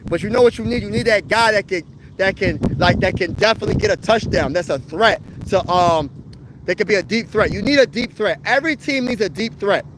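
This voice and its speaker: Young man, high voice, slangy sports talk host, faint background hum. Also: brisk. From Pennsylvania. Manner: slangy, animated, rhetorical questions. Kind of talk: casual live chat reading viewer comments.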